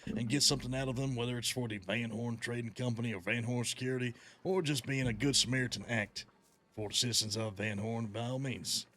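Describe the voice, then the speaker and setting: A man's voice: medium pitch, fairly bright tone, a little hiss or hum. A man in character as a western outlaw gang leader, giving orders in a profane, folksy drawl over a headset mic. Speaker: gang leader in role-play.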